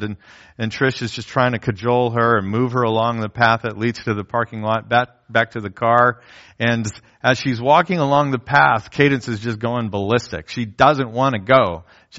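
A man's voice: mid-range voice, normal speed, a bit bright, dull audio. A middle-aged man preaching a sermon, telling a story about his toddler granddaughter and acting out the voices of the people in it. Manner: storytelling, acts out quoted voices. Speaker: pastor.

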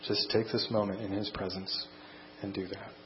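A man preaching a sermon and closing in prayer, earnest and measured, speaking in short phrases. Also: on the low side, flat delivery, roomy sound. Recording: dull lo-fi sound with faint mains hum.

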